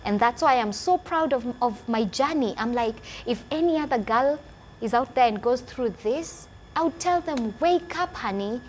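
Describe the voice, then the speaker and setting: A woman's voice: a little high, animated, normal speed, slight background noise. Earnest woman in her twenties. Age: 20s. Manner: emotional, earnest, repeats phrases for emphasis. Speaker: guest. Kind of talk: personal testimony interview.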